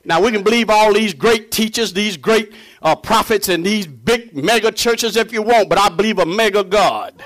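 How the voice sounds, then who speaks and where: A fervent male preacher with a fairly high voice for a man. He swings from booming, shouted declarations down to low, hushed murmurs. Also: moderate pace, hardly any pauses. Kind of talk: sermon.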